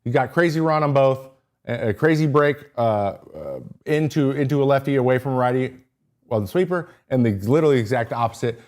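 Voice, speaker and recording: This male podcast host talks through pitchers on a relaxed livestream, speaking a little fast. He gets worked up, wanders onto tangents, and frequently interrupts himself.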